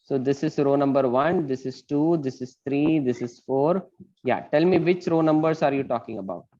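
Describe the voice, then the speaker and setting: A man's voice: mid-range voice, moderate pace, dark tone. A man with an Indian English accent teaching an online math class, patient and often checking in with "right?". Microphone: video call. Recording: dull lo-fi call audio.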